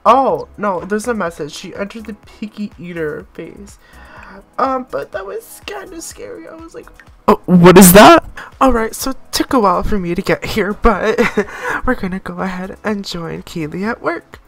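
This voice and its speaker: A woman's voice: mid-range voice, very animated, normal speed, gravelly, fairly bright tone, soft background music. A woman in her late teens giving casual, chatty let's-play commentary, bossing her game characters around and laughing often. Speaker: gaming YouTuber.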